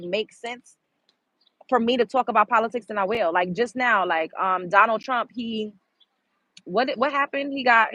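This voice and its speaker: A young adult woman hosting her own online show, talking in a blunt, animated casual monologue and swearing freely. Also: on the high side, dry recording, poor audio.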